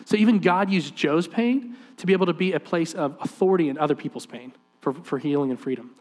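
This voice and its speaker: Animated man telling a sermon story. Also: a little high, fast. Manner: animated storyteller acting out quoted voices. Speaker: preacher.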